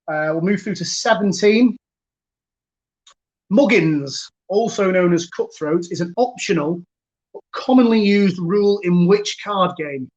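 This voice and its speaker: Man, quiz host, fairly high voice, chatty and chuckling, muffled video-call audio. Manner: chatty, chuckling, repeats each question slowly. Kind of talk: hosting a virtual pub quiz. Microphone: computer mic on a video call.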